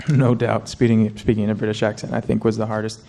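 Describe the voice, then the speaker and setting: An actor answering at a press conference, self-deprecating and joking, with halting phrasing. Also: male voice, on the low side, level tone, vocal fry, crowd noise. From United States. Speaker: film actor on a press panel.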